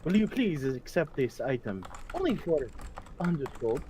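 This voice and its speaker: A man's voice: a little high, very animated, moderate pace, dark tone, slight background noise. A man voicing a sly male tabaxi cat merchant in a tabletop game, with a wheedling sales patter.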